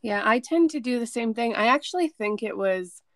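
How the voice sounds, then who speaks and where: A woman's voice: on the high side, expressive, moderate pace, a bit bright, no room sound, clean studio sound. Bubbly woman podcast host. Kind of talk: casual chat.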